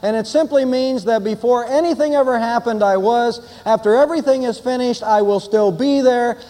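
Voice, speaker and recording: An older man delivers an Easter sermon from the pulpit, moving between a relaxed story and firm, emphatic declarations. His voice sits high for a man. It carries the long reverb of a church sanctuary. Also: moderate pace. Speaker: pastor.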